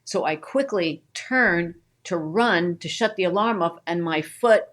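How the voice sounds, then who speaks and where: A woman co-hosting a casual talk show, telling an animated story about her own mishap and acting out her own cries. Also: lowish voice, unhurried. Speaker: co-host, wife of the host.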